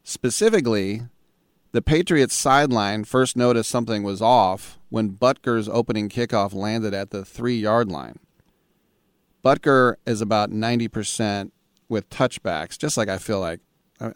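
A man's voice: lowish voice, normal speed, clean tone, no echo, studio quality. A man hosting a sports talk show, telling a long rambling story and acting out both sides of each conversation before turning to the news. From Bay Area, California. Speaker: sports talk radio host. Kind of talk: casual chat.

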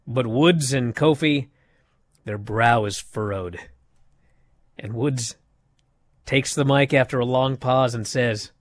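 A man in a casual recap of a wrestling show, retelling events in a chatty, animated way with many fillers. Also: mid-range voice, takes it slowly, pauses often, no echo.

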